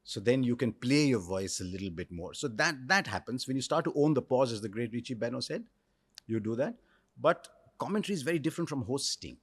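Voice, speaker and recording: A man in his sixties with an Indian English accent, telling stories in a reflective interview with measured pauses. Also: mid-range voice, expressive, slightly rough, no room sound. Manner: articulate storyteller, measured pauses. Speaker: cricket commentator, interview guest.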